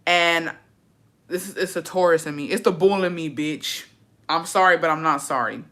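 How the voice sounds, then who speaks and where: A woman's voice: low voice, normal speed, a bit bright. A woman vlogger telling a storytime in a brash, profane, sassy way and calling viewers her besties. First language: English. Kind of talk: casual storytime chat.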